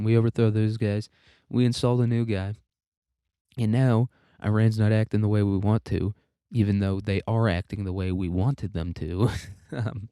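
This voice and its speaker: Low, dark-voiced sarcastic male host. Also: clear, resonant tone, dry recording, clean studio sound. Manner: sarcastic, profane, rambling. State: congested, coughing. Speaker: podcast host. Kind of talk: casual political commentary monologue.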